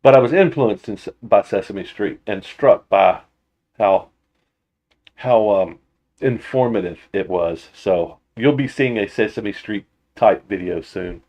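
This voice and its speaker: A man hosting a casual livestream for his motorcycle channel, reading viewer comments aloud and answering them with rambling, halting restarts and frequent laughter. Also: fairly low pitch, vocal fry, darkish tone, dull audio.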